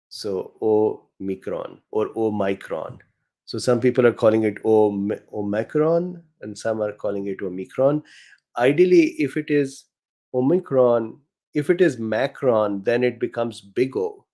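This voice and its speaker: A man's voice: mid-range voice, normal speed, a little mellow. A middle-aged man with a non-native English accent hosts a casual live session, reading viewer questions aloud and answering them with frequent fillers.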